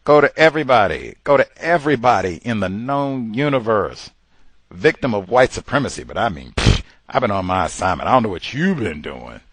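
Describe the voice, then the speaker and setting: A man's voice: lowish voice, very animated, brisk, a bit bright, slightly rough, no echo. A man hosting a podcast, delivering emphatic commentary and mimicking the people he quotes. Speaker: podcast host. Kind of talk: commentary monologue.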